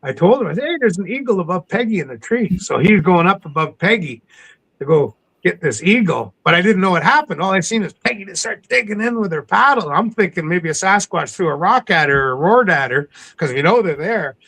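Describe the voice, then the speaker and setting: A man from coastal British Columbia, a podcast guest telling stories in a casual interview, animated and acting out the people he quotes. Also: high-pitched, a little fast, rough recording. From coastal British Columbia, Canada.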